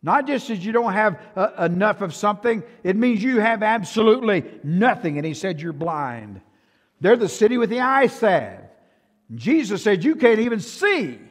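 An older man with a Texan accent preaching a sermon as pastor, swinging from hushed to loud and often repeating himself. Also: sits high, very animated, moderate pace. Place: church sanctuary. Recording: long church hall reverb.

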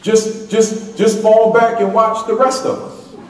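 This motivational speaker's voice is high but flat in delivery and a little slow, with some hiss or hum on the track. He addresses school staff at an opening meeting in a big hall, pressing his points through repetition and call-and-response chants, and the distant mic picks up plenty of echo.

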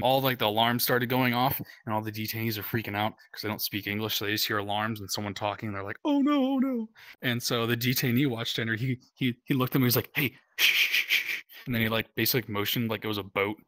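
Male veteran from the United States, casual storyteller, filler-heavy and chuckling, with a sharp, bright tone. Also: medium pitch, dry recording. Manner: rambling, heavy use of "like" and "um" fillers; laughs while telling stories. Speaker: Coast Guard veteran guest.

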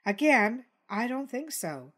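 A woman voicing Dilly, a calm, persistent jungle news creature who presses her points. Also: mid-range voice, takes it slowly, pitched above the performer's own voice, heavily acted.

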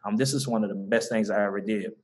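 A man's voice: lowish voice, steady tone, fast talker. A young man from the American South with a Southern accent, a guest telling an interviewer about his mentoring group in an earnest, rambling way full of fillers and restarts. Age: young adult. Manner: earnest, many fillers and restarts, laughs easily. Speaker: guest, mentoring organization founder. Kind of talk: conversational interview.

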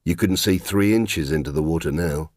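A man's voice: deep voice, moderate pace, darkish tone, no echo, clean studio sound. A middle-aged man narrating in the first person, wry, reflective and plain-spoken.

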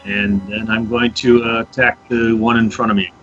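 A man playing a tabletop game who jokes and pokes fun at himself. The recording is dull and low-fi, with faint music behind him. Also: level tone, moderate pace, fairly bright tone. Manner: self-mocking, joking. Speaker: player.

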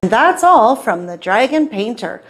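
A woman reads a picture book aloud for young English learners at a slow, deliberate pace. Her delivery is clear and expressive, shaping each sentence so a child can follow it. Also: fairly high pitch, slight background noise. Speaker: English storytime teacher.

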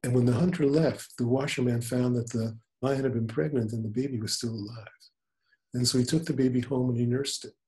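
A man in his seventies, a spiritual teacher talking in an unhurried, gentle storytelling manner. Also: medium pitch, steady tone. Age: 70s. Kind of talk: spiritual conversation.

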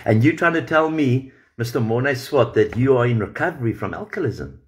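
A man's voice: medium pitch, expressive, brisk. A man on a livestream, confronting a rival directly with an angry, profane rant.

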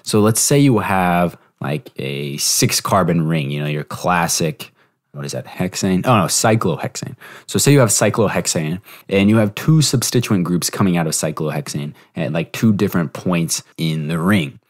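A young man hosting a podcast, giving a relaxed, explanatory review lesson with fillers and self-corrections. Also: low voice, moderate pace. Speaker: podcast host teaching exam prep. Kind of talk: casual spoken review lesson.

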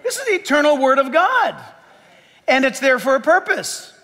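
Pastor guy preaching, really high voice, bright and sharp. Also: big pitch swings, normal speed. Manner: emphatic, swings from loud to hushed. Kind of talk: sermon. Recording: long hall reverb.

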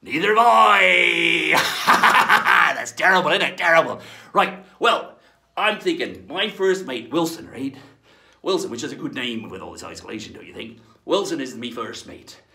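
A man's voice: mid-range voice, big pitch swings, normal speed, bright, forceful tone, reverberant. A man hosting a children's lesson in a playful pirate persona, talking in hammy, theatrical pirate speech.

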